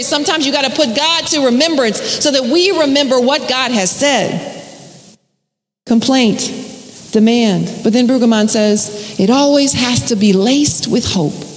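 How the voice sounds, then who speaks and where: A woman's voice: high-pitched, fairly bright tone. A woman preaching a sermon with rhythmic repetition and folksy, conversational asides. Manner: rhythmic, repeating phrases for emphasis. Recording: echoey hall with long reverb.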